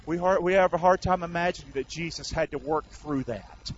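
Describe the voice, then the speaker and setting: A man preaching a sermon, calling on the congregation to answer back and swinging between shouts and hushed words. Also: on the high side, brisk, hardly any pauses, slight background noise. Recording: dull lo-fi recording.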